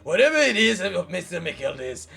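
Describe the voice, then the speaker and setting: A streamer doing a gruff, brusque inspector. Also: mid-range voice, sing-song, moderate pace, sharp tone, heavily acted. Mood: demanding. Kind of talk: reading game dialogue aloud.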